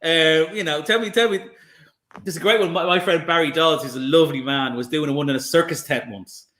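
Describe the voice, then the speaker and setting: A man chatting as a guest comedian, telling lively anecdotes with swearing and restarts over a video call. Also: on the high side, a little fast. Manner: animated storyteller, swears, restarts. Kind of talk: casual chat, anecdotes. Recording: echoey room.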